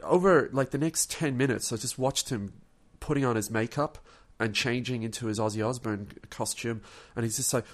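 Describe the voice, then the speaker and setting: A man's voice: mid-range voice, normal speed, few pauses. A man with an Australian accent, co-hosting a podcast, telling a rambling story and repeating his words. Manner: rambling, repeats words, acts out quoted people. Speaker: podcast co-host. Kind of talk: casual storytelling chat.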